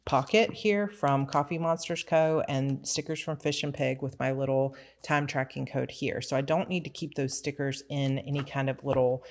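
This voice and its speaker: A woman's voice: deep voice, a little hiss or hum. Chatty woman showing off her planners. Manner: relaxed, rambling, with small laughs and asides. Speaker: author and planner vlogger. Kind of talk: casual chatty show-and-tell.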